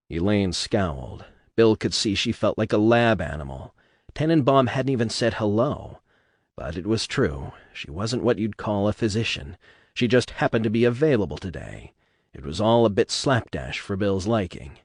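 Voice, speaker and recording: A man narrating a novel in a steady storytelling manner. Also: on the low side, moderate pace, dry recording, studio quality. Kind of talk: novel reading.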